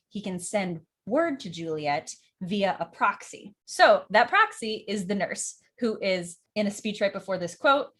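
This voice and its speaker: A young adult woman, an acting teacher and director, chatting enthusiastically about favorite lines and acting them out. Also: medium pitch. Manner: enthusiastic, acts out quotes, nerdy about verse. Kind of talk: casual educational vlog.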